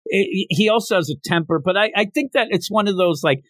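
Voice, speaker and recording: A man's voice: a little fast, no room sound. A man co-hosting a manga review podcast, casually retelling a story and acting out the characters' lines. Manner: animated retelling, acting out quotes with raised pitch. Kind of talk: casual chat.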